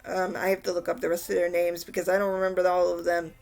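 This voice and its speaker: A woman's voice: lowish voice, level tone, fast, vocal fry, darkish tone. Rambling young woman reviewing anime. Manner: rambling, exasperated, frequent restarts. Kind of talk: casual recap.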